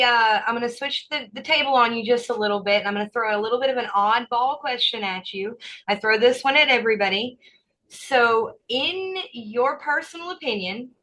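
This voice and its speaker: A woman hosting a podcast interview, asking her guest measured, thoughtful questions. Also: a little high, sharp tone, poor audio. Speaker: podcast host.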